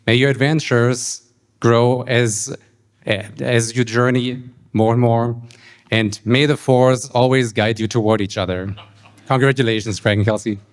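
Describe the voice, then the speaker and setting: A man's voice: mid-range voice, fairly even intonation, unhurried. A man in his thirties with a German accent, giving a best man's wedding toast with some hesitant fillers and light jokes.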